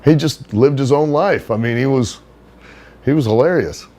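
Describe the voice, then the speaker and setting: A middle-aged man in an interview, telling stories in a casual, animated way. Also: normal speed. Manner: animated storyteller, does high put-on voices for others. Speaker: wrestler being interviewed.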